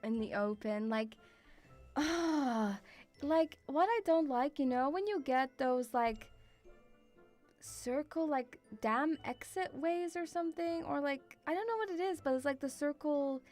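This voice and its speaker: A woman's voice: high-pitched, a little slow, darkish tone, faint music behind. A young woman chatting on a stream, rambling with lots of fillers and swearing. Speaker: VTuber streamer. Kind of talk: casual stream chat.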